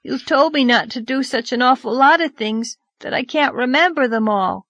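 A woman's voice: high-pitched, normal speed, fairly bright tone, no room sound, voice pushed up. A woman reading aloud, voicing a mischievous little boy who whines and pleads. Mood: whining. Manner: whining, pleading.

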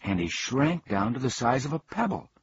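Husky-voiced man reading a storybook. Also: medium pitch, normal speed, dry recording. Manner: expressive, animated reading. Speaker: narrator. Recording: dull, dry lo-fi recording.

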